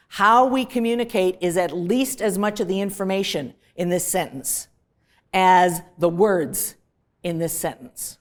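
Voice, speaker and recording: A woman professor with a Canadian accent lecturing a class in a classroom, lively and emphatic, stressing words for effect. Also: lowish voice, unhurried.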